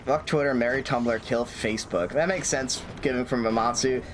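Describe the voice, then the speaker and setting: A man's voice: mid-range voice, normal speed. Rambling, swearing male streamer. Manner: rambling, profane, many fillers and restarts. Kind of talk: casual stream chatter.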